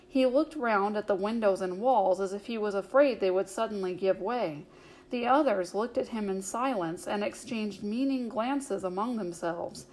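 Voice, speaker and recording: A woman narrating a fantasy novel aloud in a calm, measured reading. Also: mid-range voice, low-quality recording. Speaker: audiobook reader. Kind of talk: storybook narration.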